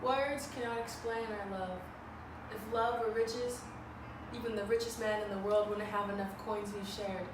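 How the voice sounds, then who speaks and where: A woman's voice: medium pitch, steady tone, moderate pace, reverberant, noisy background, lightly acted. A woman playing an impatient young woman eager for news of her love. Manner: impatient, pressing questions.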